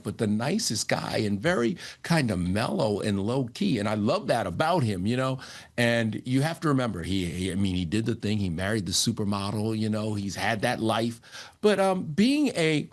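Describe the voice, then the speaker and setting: Animated low-voiced man telling stories. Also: moderate pace. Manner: animated, acts out quotes in other voices. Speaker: entertainment and sports TV host, guest. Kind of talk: casual interview storytelling.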